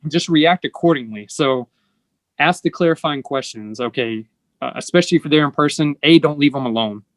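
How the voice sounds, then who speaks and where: A man's voice: fairly high pitch, normal speed, no room sound. Earnest male host, dry close sound. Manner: earnest, explanatory, with fillers. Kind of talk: casual conversation.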